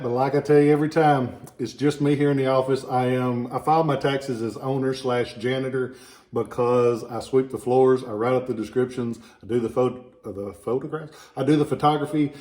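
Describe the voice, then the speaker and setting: Chatty Southern man with a mellow voice. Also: medium pitch. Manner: chatty and digressive. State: stuffy sinuses. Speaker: relic dealer and shop owner. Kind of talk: informal product talk. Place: small office.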